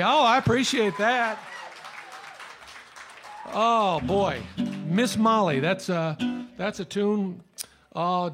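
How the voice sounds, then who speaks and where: A man's voice: fairly high pitch, creaky. A male musician talking to a crowd between songs in a folksy, rambling way. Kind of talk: live stage patter between songs. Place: small live music venue. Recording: live stage sound, long reverb, loud guitar. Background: guitar.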